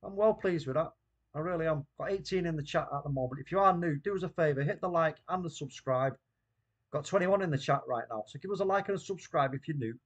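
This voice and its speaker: A man's voice: on the high side, quick pace, lo-fi sound. A man hosting a casual live watchalong stream, bantering, reading the chat aloud, and laughing often. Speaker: watchalong host.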